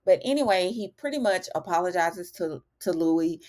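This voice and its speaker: A woman's voice: on the low side, expressive, moderate pace, a little mellow. A woman chatting casually through a TV episode recap, calling her viewers y'all. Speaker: TV recap vlogger.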